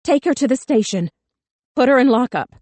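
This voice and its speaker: A woman's voice: medium pitch, moderate pace, dark tone, no echo, natural voice. A woman narrator voicing a frightened young woman in an audiobook, her voice raised and strained. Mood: pleading. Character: frightened young woman lawyer, pleading, shaky.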